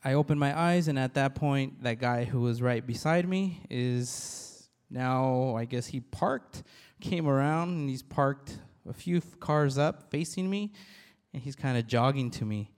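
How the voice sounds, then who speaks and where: A man, a police officer, giving a halting, earnest church testimony to a congregation, with many restarts. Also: medium pitch, darkish tone, clear, resonant tone. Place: church hall. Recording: long reverb of a large hall.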